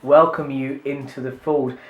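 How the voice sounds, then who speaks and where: A man plays the interviewer with mock-formal, teasing questions. His mid-pitched voice carries an echo from a roomy space. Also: fairly even intonation, a little slow, dull audio. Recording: roomy room.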